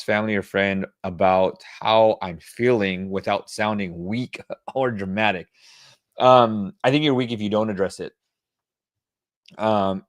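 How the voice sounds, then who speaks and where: A man's voice: lowish voice, no room sound. A middle-aged man answering audience questions on wellbeing in a casual, coaching tone, with plenty of fillers. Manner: conversational, coaching tone with frequent fillers. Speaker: webclass host answering questions.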